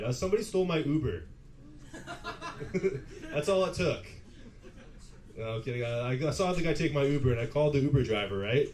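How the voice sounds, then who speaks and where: A man's voice: medium pitch, a little mellow. A man in his twenties with a Canadian accent, telling self-mocking stories at a pub open mic and laughing at his own jokes. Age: 20s. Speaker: stand-up comic. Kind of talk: stand-up comedy set.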